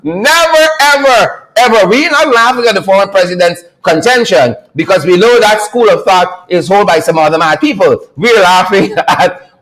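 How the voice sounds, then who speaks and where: A man hosting a political commentary livestream, sarcastic and animated, often laughing and repeating phrases for emphasis. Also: high-pitched, normal speed, low-quality recording. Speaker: host.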